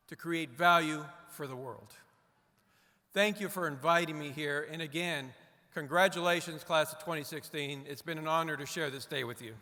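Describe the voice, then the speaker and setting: A man's voice: fairly high pitch, bright, forceful tone, long reverb tail. A middle-aged man giving a formal, earnest commencement speech at a podium, stressing his key phrases by repeating them. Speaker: commencement guest speaker.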